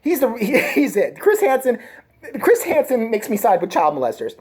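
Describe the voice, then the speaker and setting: A woman's voice: fairly high pitch, very animated, normal speed, a little mellow, breathy edge. A woman vlogger delivering a crude, sarcastic comedic rant. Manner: crude, sarcastic, swings into mocking voices.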